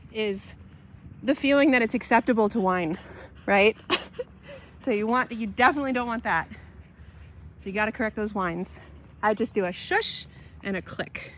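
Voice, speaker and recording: A woman dog trainer working a dog outdoors, calmly explaining her methods between sharp raised commands. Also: a little high, a little hiss or hum.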